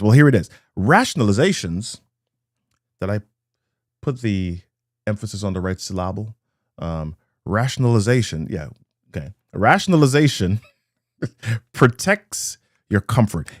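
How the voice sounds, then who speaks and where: A man with a lowish voice delivers a motivational talk in measured, rhythmic phrases. He repeats his key lines for emphasis and now and then greets viewers by name. The sound is close and dry, with no room echo. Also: very animated, a little mellow. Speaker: motivational speaker. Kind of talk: live-streamed motivational talk.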